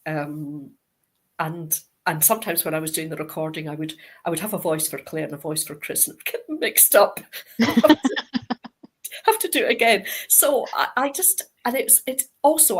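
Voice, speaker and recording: A middle-aged Scottish woman, a guest author in an interview, telling stories with lively acted-out quoted dialogue. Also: sits low, slightly rough. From Scotland. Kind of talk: interview anecdote.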